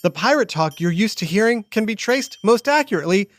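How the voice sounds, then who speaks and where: A man's voice: high voice, expressive, a little fast, dry recording. A man hosting and narrating a children's educational podcast in a playful, theatrical way. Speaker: host and narrator. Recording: music playing under the voice.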